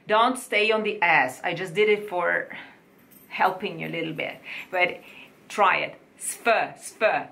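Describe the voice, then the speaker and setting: A woman teaching diction to singers in an online lesson, slowly repeating words for the listener to copy. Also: medium pitch, gravelly, fairly bright tone.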